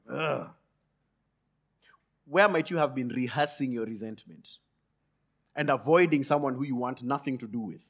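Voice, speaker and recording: Dynamic preaching man, fairly high voice. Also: breathy edge. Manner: dynamic preaching, swings between loud emphatic peaks and low quiet asides; acts out Jonah's grumbling thoughts in quick asides. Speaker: pastor. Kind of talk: sermon.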